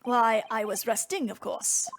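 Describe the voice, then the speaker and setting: A woman voicing a pompous, eccentric male gentleman detective in a video game, reading his lines aloud in a grandiose, theatrical way. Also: on the high side, measured pace, slight background noise.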